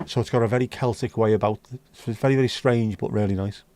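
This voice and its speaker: A man's voice: lowish voice, fairly even intonation, fast, warm tone, slight background noise. A man from North West England, hosting a livestream and chatting bluntly with his viewers. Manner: blunt, chatty, swears casually. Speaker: livestream host. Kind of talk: casual chat with live chat.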